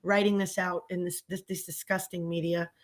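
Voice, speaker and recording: A woman's voice: fairly low pitch, flat delivery, moderate pace. A middle-aged woman delivering an angry, sarcastic rant as a local commentator in a vlog. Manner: indignant, sarcastic, ranting. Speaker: local commentator and small business owner.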